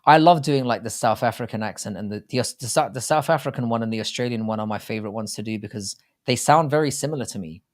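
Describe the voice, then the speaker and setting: A British man talks in loose, rambling banter as co-host of a casual livestream. His voice sits at a middling pitch, and he chats easily with his partner. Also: fast talker, few pauses. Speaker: podcast co-host.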